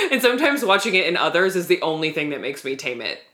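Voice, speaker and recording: A woman's voice: on the low side, sing-song, a little fast, a bit bright. A woman co-hosting a podcast, recapping a TV episode in a chatty, candid way and laughing easily. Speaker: podcast co-host. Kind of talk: casual TV recap chat.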